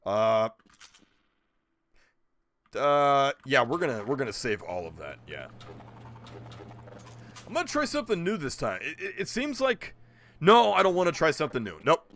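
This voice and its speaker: A man's voice: medium pitch, big pitch swings, moderate pace, long pauses, fairly bright tone. A man streaming a video game, rambling and joking with his chat as he plays. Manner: rambling, jokey, talks to chat. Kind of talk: casual gameplay commentary.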